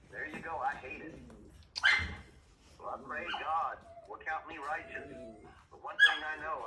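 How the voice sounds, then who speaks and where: A middle-aged man and father leading a Bible lesson for his kids over the phone, stern and scolding. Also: on the high side. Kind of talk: preachy scripture teaching. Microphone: phone call. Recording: echoey, distant phone recording, faint noise.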